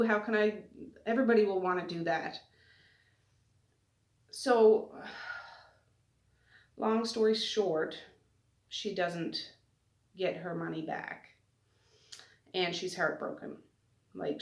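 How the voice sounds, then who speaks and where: A woman's voice: lowish voice, recorded from a distance. A woman book vlogger casually retelling and reviewing a novel in a chatty, rambling way with asides. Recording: roomy, off-mic sound.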